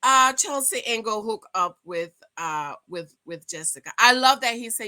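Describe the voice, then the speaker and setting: A gossipy, excitable woman talking at home, her voice bright and forward and sitting a little high. She chats straight to her viewers like a girlfriend, rushing through the recap with plenty of asides. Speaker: YouTube host reviewing a reality dating show. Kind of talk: casual chatty recap to camera. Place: at home indoors.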